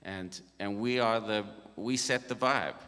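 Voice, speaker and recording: A middle-aged man talks through a band workshop in a loose, joking way, his voice bright and forward. The long reverb of a conference hall hangs behind every phrase. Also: on the low side, measured pace. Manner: easygoing and jokey, with frequent laughs. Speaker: worship leader leading a band workshop. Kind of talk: casual workshop talk.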